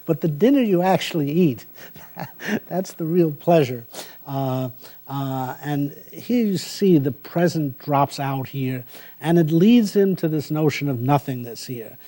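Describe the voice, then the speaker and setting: A man giving a university lecture as a professor, speaking thoughtfully with frequent "uh" pauses. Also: fairly high pitch, animated, dark tone. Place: lecture hall.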